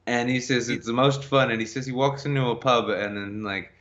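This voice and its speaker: A man's voice: mid-range voice, fairly even intonation, brisk, fairly bright tone, muffled recording. A man co-hosting a live-streamed podcast, bantering with crude jokes in casual chat. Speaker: podcast co-host.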